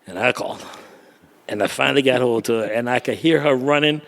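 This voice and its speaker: A man, a photographer telling stories in a casual podcast chat, lively and quick to laugh. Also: medium pitch. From Bahamas. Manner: animated storyteller with a gravelly voice and frequent laughter.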